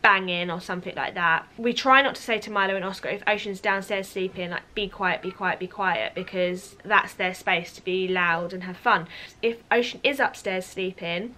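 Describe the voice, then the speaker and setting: A woman's voice: medium pitch, bright, forceful tone. A woman chatting casually to camera as a parenting vlogger, often repeating words for emphasis.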